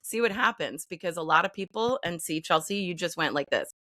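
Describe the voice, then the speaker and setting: A woman guest who works as an acting and voice coach, explaining breathing in calm, instructive steps. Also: lowish voice, fairly quick, dry recording, clean studio sound. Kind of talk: conversational podcast interview.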